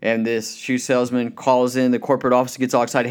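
A male preacher delivering a sermon in a mid-pitched voice. He speaks emphatically and tells stories along the way. He draws out the words he wants to land. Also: little pitch movement, smooth. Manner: storytelling, emphatic, slows down on key points.

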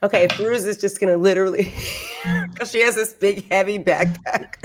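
Woman player, mid pitch, giggly animated delivery, loud music behind. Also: normal speed. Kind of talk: tabletop game play.

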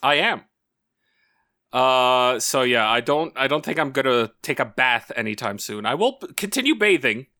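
A man co-hosting a podcast, rambling through a profane, animated story in casual banter. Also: medium pitch, normal speed, no echo, clean studio sound. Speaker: podcast co-host.

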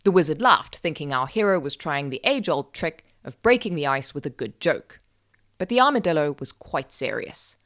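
A woman narrating a folk tale for a podcast with wry, deadpan asides. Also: low-pitched, normal speed. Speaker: podcast storyteller. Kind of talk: scripted narration.

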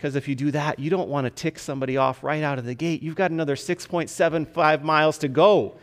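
Guy pastor preaching, chatty and animated, keeps saying right? and laughing, stumbles a bit. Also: fairly high pitch, quick pace. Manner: conversational, often asks "right?" and laughs; animated, with frequent restarts. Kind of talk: sermon.

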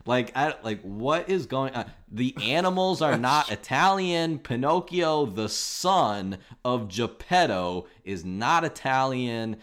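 A man's voice: medium pitch, animated, takes it slowly, hardly any pauses, fairly bright tone. A man hosting a podcast, chatting casually and wryly picking apart a film. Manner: wry, sarcastic movie critique. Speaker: podcast host. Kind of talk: casual chat.

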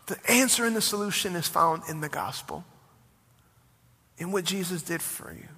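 A man preaching a sermon as pastor, impassioned and rising to near-shouts when he presses a point. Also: sits high, lively intonation, normal speed, breathy edge, long reverb tail.

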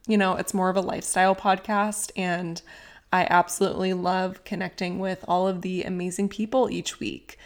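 A woman hosting a podcast, giving a steady, welcoming intro and introducing her guest. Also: mid-range voice. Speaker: podcast host.

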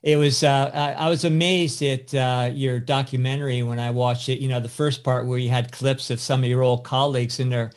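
A man co-hosting a casual podcast, speaking haltingly with many fillers. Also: mid-range voice, little pitch movement.

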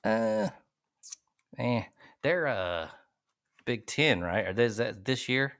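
Guy hosting a podcast, lotta cussing, lowish voice, dry sound. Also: expressive, slow, a bit bright, dry recording. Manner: profane, laid-back storytelling. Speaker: host. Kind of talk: casual podcast chat.

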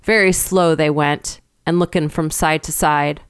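A woman's voice: deep voice, fairly even intonation, measured pace, clean tone, no room sound, studio quality. Woman doing grave old country shepherd. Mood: ominous. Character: gruff old rustic male shepherd, grave and superstitious. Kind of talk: storybook reading.

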